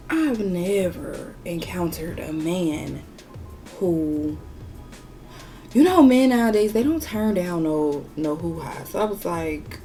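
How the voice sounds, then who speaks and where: A woman's voice: on the low side, animated, slow pace, warm tone, soft background music. A woman vlogger chatting candidly and with profanity through a storytime while she does her makeup, talking straight to her viewers. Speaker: beauty vlogger. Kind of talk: casual storytime chat during a makeup tutorial.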